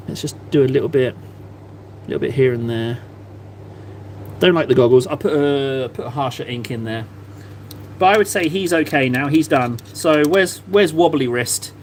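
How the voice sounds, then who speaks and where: A man's voice: a little high, slight background noise. A man chatting casually on a live stream, self-mocking and rambling as he paints. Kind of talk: casual livestream chat while painting.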